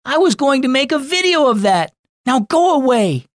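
A man voicing an upset young boy in a children's audio story who loses his temper and then feels sorry, in a high, strained boyish voice. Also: sing-song, normal speed, no echo, studio quality. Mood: angry.

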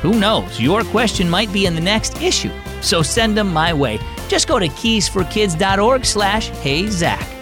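A man's voice: high voice, animated, a little slow, hardly any pauses, over music. A man hosting a children's devotional program, upbeat and speaking directly to young listeners. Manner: bright, upbeat, talks directly to kids. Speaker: host.

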